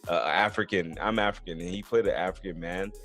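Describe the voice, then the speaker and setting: A male podcast host with a low-pitched voice, chatting casually and earnestly and dropping "bro" and "man" into his sentences. Faint music sits underneath him. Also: a little fast, fairly bright tone. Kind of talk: casual sports podcast chat.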